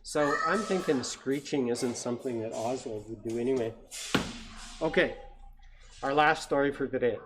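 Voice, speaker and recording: A man who works as an educator at a science center, reading picture books aloud to children in an animated storytelling manner and imitating bird sounds. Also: mid-range voice, moderate pace, background noise.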